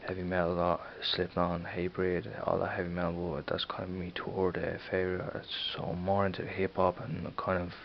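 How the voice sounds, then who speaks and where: A young Dublin man talks loosely to the camera, with a deep, flat, gravelly voice. He rambles and repeats words as he goes. The recording is dull and lo-fi, with a faint hiss behind him. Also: moderate pace, hardly any pauses. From Ireland. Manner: rambling, repeats words, frequent "you know what I mean". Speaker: vlogger. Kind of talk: casual accent-tag vlog.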